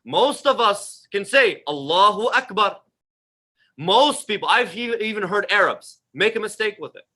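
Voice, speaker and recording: A young man with a higher voice and a very bright, sharp tone gives an earnest religious lecture. He presses each point and repeats phrases for emphasis. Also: animated, unhurried. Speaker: religious teacher. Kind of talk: Ramadan lecture.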